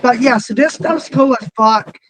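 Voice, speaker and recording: Man, interviewer, high-pitched voice, loud profane storytelling, faint background hiss. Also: normal speed, poor audio. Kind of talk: casual storytelling.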